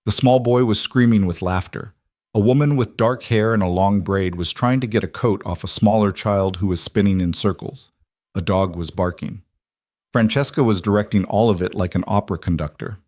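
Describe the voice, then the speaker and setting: Low-voiced male audiobook narrator. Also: moderate pace, darkish tone, no echo, studio quality. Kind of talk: scripted romance audiobook narration.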